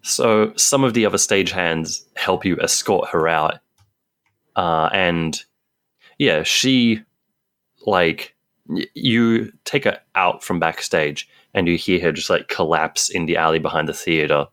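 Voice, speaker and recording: Give me a male game master with a very deep voice narrating a tabletop game in a fast, casual way. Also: fairly bright tone. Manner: quick, casual narration with fillers like "like" and "uh".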